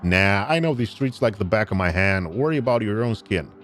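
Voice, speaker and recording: A man's voice: lowish voice, animated, fairly quick, fairly bright tone, faint music behind, pitched below the performer's own voice. A man voicing a tough, streetwise woman who speaks bluntly and dismissively, in his own voice.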